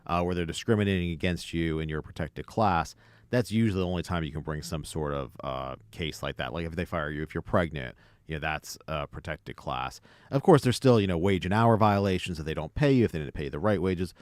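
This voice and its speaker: A man appearing as an attorney guest on a talk show, explaining legal points in a measured way. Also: low voice, a little mellow, dry recording. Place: radio studio.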